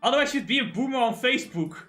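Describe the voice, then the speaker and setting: A man's voice: extremely high pitch, lively intonation, racing, pushed and bright, faint music behind. A man hosting a livestream in casual chat, ranting animatedly and swearing freely. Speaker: streamer host.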